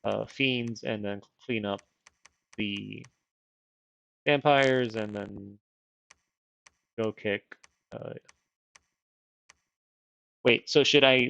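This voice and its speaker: A rambling man streams a strategy game and thinks out loud, poking fun at himself as he goes. His voice is gravelly and his speech slightly affected by dental retainers. The mic sounds dry and a little dull. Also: fairly low pitch, extremely slow, pauses often, no room sound. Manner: rambling, self-deprecating, thinks aloud. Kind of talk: casual game livestream chat.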